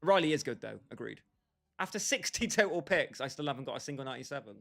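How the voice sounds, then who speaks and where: A man's voice: mid-range voice, expressive, fast talker, creaky, fairly bright tone. A young man livestreaming a football game, bantering and joking with his chat and calling viewers by name. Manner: bantering, jokey, talks straight to chat by name. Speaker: gaming livestreamer.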